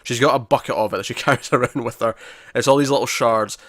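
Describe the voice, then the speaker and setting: Man, middle pitch, dry sound, lively podcast chat. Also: fast talker, no room sound. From Scotland. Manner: animated, acts out lines from scenes. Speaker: podcast co-host. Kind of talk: casual chat.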